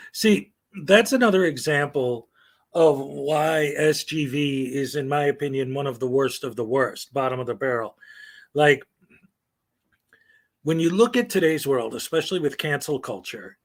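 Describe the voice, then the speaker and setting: A middle-aged man giving rambling, opinionated live-stream commentary, full of fillers and short laughs. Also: on the high side. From United States.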